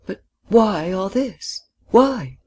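A reader voicing an intense, brooding young woman who speaks slowly and gravely, pressing her point, in an audiobook. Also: medium pitch, expressive, voice pushed up, exaggerated voice. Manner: grave, slow and insistent. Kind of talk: audiobook dialogue reading.

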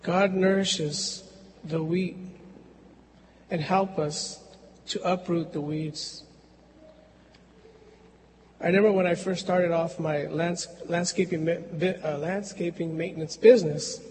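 A man preaching a sermon in a slow, measured way with long pauses, in a church. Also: a little high, a little mellow, big-room sound, a little hiss or hum, low-quality recording.

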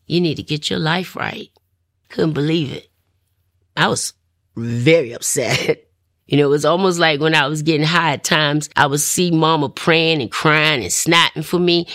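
A middle-aged woman telling a personal testimony story, animated and laughing often as she talks. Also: low voice, dry recording, clean studio sound. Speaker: testimony speaker.

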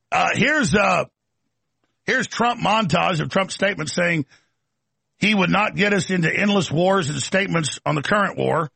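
A man's voice: sits high, vocal fry, sharp tone, slightly rough, no echo. A man hosting a talk show, delivering an emphatic, mocking ranting monologue. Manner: emphatic, rapid-fire, mocking.

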